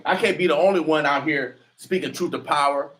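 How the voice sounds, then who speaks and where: A man hosting a talk radio show, preaching defiantly and rising to near shouts. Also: on the high side, brisk. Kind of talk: fiery talk radio commentary.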